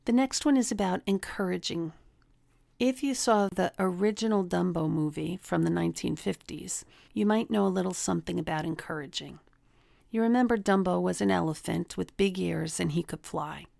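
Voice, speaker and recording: A woman's voice: on the low side, moderate pace, creaky, darkish tone, no room sound, clean studio sound. A middle-aged woman, host of a relationship coaching talk, teaching through personal stories and acting out the people she quotes. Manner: storytelling, acts out quoted people in a raised voice.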